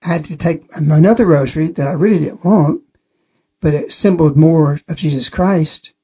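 A man's voice: fairly high pitch, moderate pace, warm tone, breathy edge. A man giving an earnest spoken testimony on a religious radio program, telling the story plainly and repeating key phrases.

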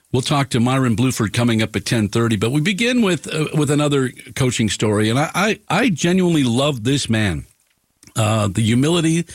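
A man's voice: mid-range voice, no echo. A man in his fifties hosting a local sports talk radio show, chatty and self-deprecating, stumbling over repeated words. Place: radio studio. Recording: dry studio sound.

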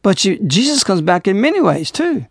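A man's voice: high-pitched, sing-song, moderate pace, no room sound, studio quality. A middle-aged man hosting a religious radio talk show, speaking emphatically and repeating himself as he preaches.

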